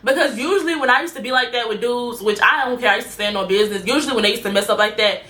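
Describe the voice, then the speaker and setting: A young woman tells a story in a casual, slangy way and speaks directly to her viewers. Her voice is bright and forward. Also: fairly high pitch, very fast. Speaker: storyteller vlogger.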